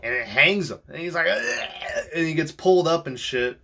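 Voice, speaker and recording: A man's voice: fairly high pitch, a little fast, bright, forceful tone. A man hosting a podcast, recapping a film in a casual, rambling way, swearing freely and filling gaps with ums and likes. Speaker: podcast host.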